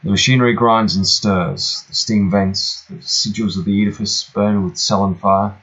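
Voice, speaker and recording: Gaming narrator, man, low voice, reads with flourish and cracks dry jokes, slightly tinny room. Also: steady tone, normal speed, a bit bright. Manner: reads with mock-dramatic flourishes, dry joking asides. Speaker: gameplay narrator. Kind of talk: reading game text aloud with asides. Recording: faint music behind, slightly tinny room.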